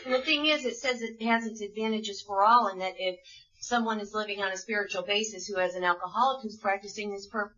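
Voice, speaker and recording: A woman's voice: medium pitch, a little fast, pushed and bright. A middle-aged woman from Dallas, Texas, giving an earnest, conversational recovery talk as a speaker at a support group meeting. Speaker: Al-Anon speaker. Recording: distant, dull lo-fi meeting tape.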